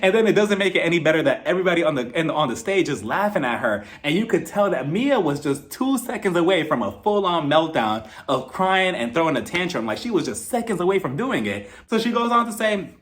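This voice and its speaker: A reality TV reviewer with a fairly high voice gives a casual, dramatic recap of a reality show. He talks briskly with hardly any pauses, animated and full of exclamations.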